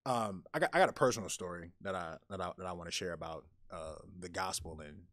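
A man's voice: sits low, fast, a bit bright, dry recording, clean studio sound. A man co-hosting a podcast, telling a story animatedly with lots of restarts. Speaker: podcast co-host. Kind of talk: casual podcast chat and storytelling.

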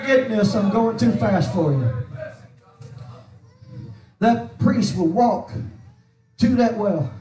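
A man preaching a holiness sermon as pastor, shouting his lines with a rhythmic "uh" between phrases. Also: sits high, animated, slow, long pauses, a little hiss or hum. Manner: shouting preacher with constant "uh" cadence. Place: church sanctuary. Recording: echoey church hall from far off.

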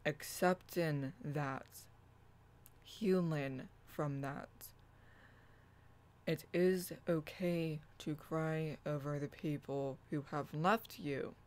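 Brief: unhurried host reading their own healing affirmations, drawn-out and soothing, mid-pitched. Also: fairly even intonation, a little mellow. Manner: deliberate, soothing, repetitive affirmations. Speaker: channel host reading own blog writing. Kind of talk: slow spoken affirmation reading.

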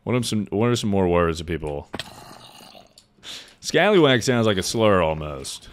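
A young man with a low, smooth, clear voice talks loosely to his stream while he plays. He jokes around, swears freely and reads out and answers viewer messages as they come in. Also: big pitch swings, moderate pace. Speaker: livestreamer playing a game and reading chat. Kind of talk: casual stream chat.

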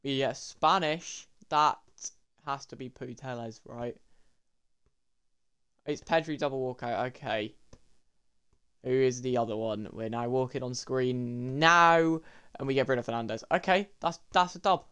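A young man, commentating his game pack openings in an excitable way and talking to viewers as lads and boys. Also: medium pitch, a little slow, pauses often, smooth. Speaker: gaming YouTuber.

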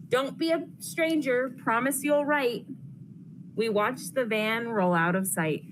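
A young woman counselor intern, reading a rhyming picture book aloud to children in a lively, sing-song way. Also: mid-range voice. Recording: noisy classroom recording.

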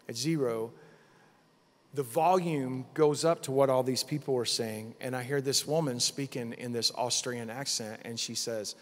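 A middle-aged man preaching at a conference, telling a vision story with lively acted-out quotes. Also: mid-range voice. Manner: animated storytelling, acting out quotes. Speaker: pastor. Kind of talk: conference sermon testimony. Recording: long hall reverb.

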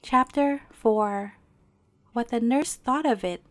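Brief: woman storyteller, gentle measured bedtime reading, dry close-miked sound. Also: fairly high pitch, dry recording.

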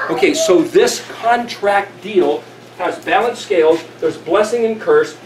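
A man's voice: high voice, measured pace. A man teaching scripture, reading verses aloud and then explaining them in a conversational way. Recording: roomy with faint background noise.

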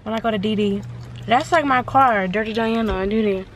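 A woman's voice: mid-range voice, normal speed, noisy background. A young woman, vlogging casually and chatting straight to her viewers in a bubbly, slangy way, recorded on a handheld phone. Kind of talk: casual vlog chat to camera.

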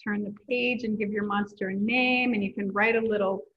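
A woman's voice: medium pitch, steady tone, brisk, husky. A woman teaching a children's art class, encouraging the kids and reading a picture book aloud. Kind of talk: kids' class instruction and read-aloud. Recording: tinny lo-fi phone-like audio.

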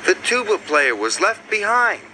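A man reading a children's story aloud in an expressive, sing-song narrating manner. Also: high-pitched, unhurried, noisy background.

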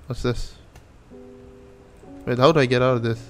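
A man's voice: medium pitch, fairly even intonation, normal speed, pauses often, soft background music. A man giving casual let's-play commentary on a horror game, nervous, jokey and profane, rambling as he goes. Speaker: gameplay channel host.

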